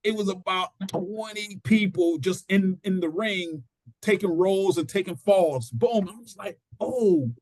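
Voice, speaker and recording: A middle-aged man spins a story in a casual interview, slipping into the voices of the people he quotes. His voice sits fairly high for a man. The sound is dry and close, with no room around it. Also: unhurried, no room sound. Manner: animated storyteller acting out quotes. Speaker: interview guest, pro wrestler. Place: studio.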